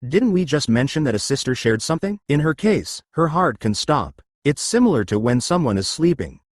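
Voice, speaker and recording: A man's voice: fairly high pitch, sing-song, moderate pace, dry recording, clean studio sound. A man teaching an exercise lesson, explaining and often checking whether listeners follow. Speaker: exercise instructor.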